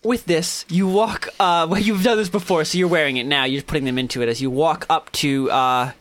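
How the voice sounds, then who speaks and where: A man narrating as game master of a tabletop game, playful and quick with asides, stumbling over words now and then. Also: fairly high pitch, steady tone, fairly bright tone.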